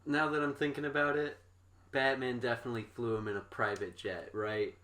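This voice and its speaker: A man's voice: mid-range voice, little pitch movement, fairly quick, fairly bright tone. A young man co-hosting a podcast who jokes around and asks his co-host questions about the plot. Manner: joking, asks questions, teasing quips. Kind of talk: casual chat.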